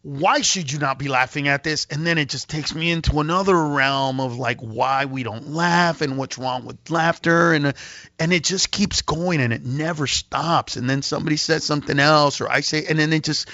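A male comedian guest telling an animated story on a talk radio show, acting out voices and laughing often. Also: on the high side, normal speed, dry recording, dull audio. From Mexican-American.

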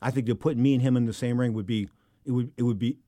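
A middle-aged man telling a long anecdote about his time as a boxing announcer, acting out each quote and turning loud and high when he gets worked up. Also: fairly even intonation, quick pace, dry recording, studio quality. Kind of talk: animated storytelling.

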